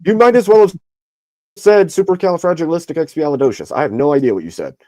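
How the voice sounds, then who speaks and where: A man's voice: on the high side, sing-song, quick pace, a little mellow, no echo, clean studio sound. A man teasing his friends on a live stream panel, exclaiming, swearing and laughing.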